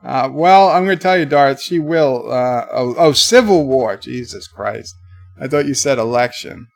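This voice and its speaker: A man hosting a casual livestream from his bedroom, reading viewers' comments aloud in a livelier voice and answering them in a lower, quieter tone. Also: lively intonation, a little slow, gravelly. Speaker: livestream host.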